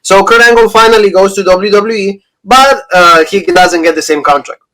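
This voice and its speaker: Male co-host, 30s, fairly high voice, loose rambling recap style. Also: moderate pace, sharp tone, low-quality recording. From Pennsylvania. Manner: rambling, retelling stories with quoted lines. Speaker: podcast co-host. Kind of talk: casual review chat.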